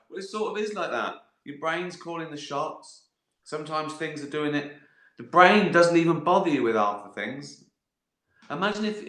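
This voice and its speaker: Middle-aged male live-stream host, bright forceful voice, sweary and giggly, roomy echo. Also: mid-range voice. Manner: sweary, laughs often, acts out voices in asides. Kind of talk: casual live-stream chat reading viewer questions. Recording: echoey room.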